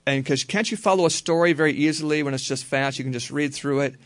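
A man teaching a group how to read the Bible, talking in a relaxed, conversational way and slowly repeating verses. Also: fairly high pitch, no room sound. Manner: relaxed, conversational, slow careful repetition.

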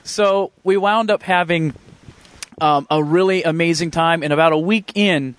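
A man's voice: a little high, fairly bright tone. A man telling his faith testimony in an earnest, emotional way, often restarting his sentences. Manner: earnest, halting storytelling with many restarts; fervent and emotional. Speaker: speaker sharing a faith testimony. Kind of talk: personal faith testimony storytelling.

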